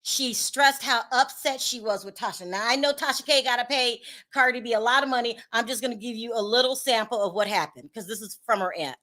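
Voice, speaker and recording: A sassy woman commentator speaks high and bright. She calls people out bluntly and plays to her audience. Her delivery is informal and unfiltered. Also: brisk, few pauses. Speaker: commentary channel host. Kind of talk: opinionated gossip commentary.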